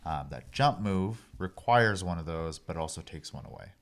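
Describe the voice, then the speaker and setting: Casting note: man with a very deep voice in casual gaming chat, patient and explanatory, laying out how things work. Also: expressive, moderate pace. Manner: explanatory, walks through game mechanics step by step. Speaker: podcast co-host.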